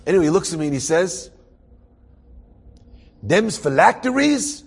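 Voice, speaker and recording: A man's voice: fairly high pitch, racing, a little mellow. A man from the New Jersey area telling an inspirational personal story, full of humorous, self-mocking asides.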